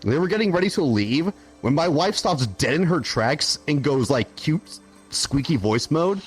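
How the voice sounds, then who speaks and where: A young man spins a story on a podcast with a lively, swinging pitch, a little on the high side. He laughs often and swears casually, and soft music plays underneath. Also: unhurried, slightly rough. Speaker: podcast co-host.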